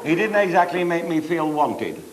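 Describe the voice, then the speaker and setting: A man's voice: on the high side, big pitch swings, moderate pace, crowd noise. An older man with a Cheshire accent telling bawdy comic stories on stage, chuckling through them. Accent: Cheshire English. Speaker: after-dinner comedian. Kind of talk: stand-up anecdotes. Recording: noisy live recording, audience laughter.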